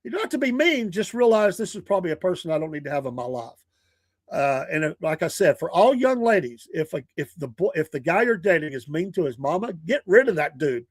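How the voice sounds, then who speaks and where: A man's voice: on the high side, very animated, a little fast, no echo, clean studio sound. An older man from Georgia, chatting casually and folksily as a show guest, chuckling often and repeating himself. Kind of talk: casual chat.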